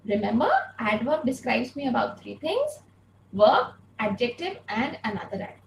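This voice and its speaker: High-voiced woman teaching grammar online. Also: big pitch swings, moderate pace, vocal fry, echoey room, slight background noise, rough recording. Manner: patient, repeats key points with rhetorical questions. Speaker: English teacher. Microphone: earphones with mic.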